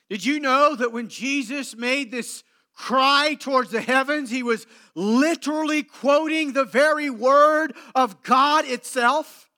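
A man delivering a sermon in a strikingly high, bright voice. He speaks slowly and deliberately, leaving long dramatic pauses. He swings from loud, emphatic declarations to hushed, low passages. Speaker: pastor.

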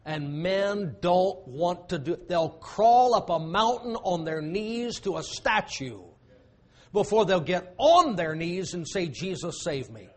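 A man preaching a sermon as pastor, emphatic, with dramatic pauses and drops to a hushed voice. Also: high-pitched, expressive.

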